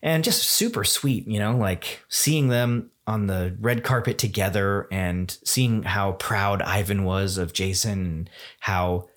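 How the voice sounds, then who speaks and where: A man's voice: lowish voice, slow pace. A man hosting a solo podcast at home, rambling enthusiastically with many fillers and restarts. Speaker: podcast host. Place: home room.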